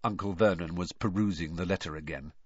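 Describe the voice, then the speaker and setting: A man narrating a storybook in an expressive, dramatic reading. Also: deep voice, a little fast, no room sound. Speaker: audiobook narrator. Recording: dry, slightly dull recording.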